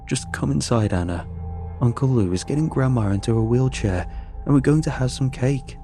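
A man's voice: medium pitch, moderate pace, dark tone, faint music behind, pitched above the performer's own voice, lightly acted. A man voicing a cautious middle-aged father who speaks in a soothing, placating way.

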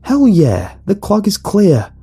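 Male narrator doing a raised-pitch brash young thug, cocky, dark and husky tone. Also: sing-song, moderate pace, soft background music, full character voice. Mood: gleeful. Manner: loud, cocky, mock-preachy. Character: brash, violent young man in a sewer crew.

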